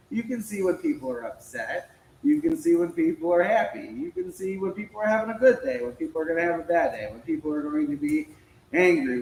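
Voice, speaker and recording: A man with a fairly high voice tells stories to a small audience, acting out each exchange and laughing often. He is recorded in an echoey room with a faint hiss behind him. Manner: lively storytelling, acts out quoted dialogue, laughs often. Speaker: speaker at a local political club meeting. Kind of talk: storytelling talk to a small audience.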